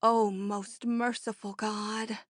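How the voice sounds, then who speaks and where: A woman reading an audiobook, voicing a timid, frightened woman friend who speaks slowly, faintly and shakily. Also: medium pitch, level tone, no echo, studio quality. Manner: slow, faint, shaky.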